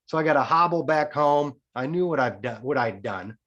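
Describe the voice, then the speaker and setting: A man's voice: mid-range voice, normal speed, lo-fi sound. Frank, swearing man telling a story. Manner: frank, swears freely, tells a story in a lively way. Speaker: podcast guest. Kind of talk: casual storytelling chat.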